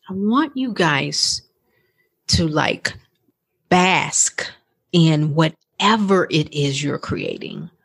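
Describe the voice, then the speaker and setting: A woman's voice: lowish voice, slightly rough. A woman in her thirties hosting a coaching podcast, talking in a chatty, encouraging way with lots of "like" and "right?". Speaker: podcast host and life coach. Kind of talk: casual podcast talk.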